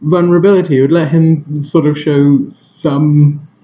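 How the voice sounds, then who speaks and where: A man's voice: a little high, steady tone, measured pace, mellow, highs cut off. A man giving a casual film review, rambling and hesitant, with lots of fillers and restarts.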